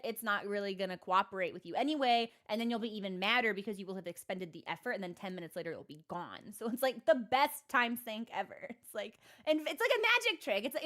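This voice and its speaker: A woman's voice: on the high side, fairly bright tone. A woman streaming a game, chatting casually in a rambling, sarcastic and self-mocking way with many fillers. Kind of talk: casual chat while gaming.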